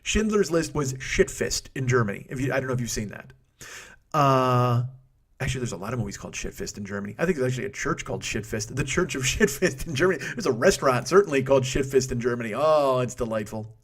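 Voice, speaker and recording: A man in his forties hosts a comedy podcast on a studio microphone, rambling through a profane monologue while cutting himself off and laughing at his own jokes. He talks fast, with a husky, expressive, medium-pitched voice.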